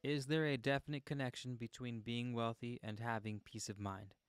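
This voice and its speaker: A man's voice: mid-range voice, fairly even intonation, moderate pace, smooth, no room sound, studio quality. A man hosting a livestream, reading a book aloud and breaking off to chat and joke with his viewers. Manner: playful, chatty, joking with viewers. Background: guitar music.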